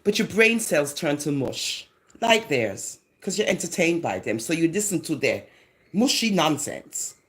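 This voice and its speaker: A Jamaican woman ranting in a vlog, her lowish voice swooping up and down as she mocks and scolds. She sounds sarcastic and animated, leaning into her patois. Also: measured pace. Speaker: social media commentator.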